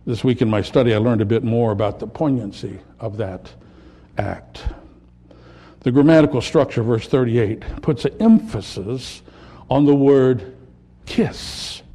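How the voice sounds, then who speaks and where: A man preaching a sermon, building to impassioned peaks and dropping to quiet, reflective lines. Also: mid-range voice, a little slow, breathy edge. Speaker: pastor.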